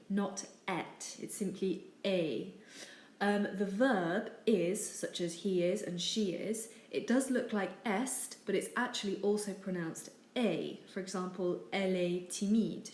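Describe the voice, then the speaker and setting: A woman teaching over slides, with a steady, patient delivery and frequent ums. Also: medium pitch. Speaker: French teacher. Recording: echoey room with faint noise.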